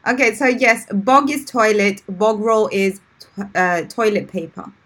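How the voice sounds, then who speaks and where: A woman's voice: medium pitch, measured pace, a bit bright. A woman hosting a live-streamed English lesson, encouraging and laughing often as she quizzes her guest. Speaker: English teacher, host.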